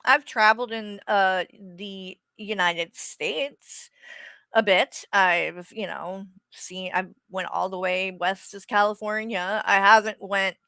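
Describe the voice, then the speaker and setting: Woman host, blunt sarcastic rant, crisp bright tone, dead-dry sound. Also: mid-range voice, fairly even intonation, slow, no room sound. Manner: blunt, sarcastic, swears freely. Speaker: streamer host. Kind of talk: casual rant to viewers.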